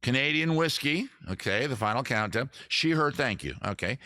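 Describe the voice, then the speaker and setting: Bright-voiced man chatting on a stream. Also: fairly low pitch, moderate pace, few pauses, dry recording. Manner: chatty, reads viewer comments aloud and answers them. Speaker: live-stream host. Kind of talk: casual live-stream chat. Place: seated at home on a rolling chair.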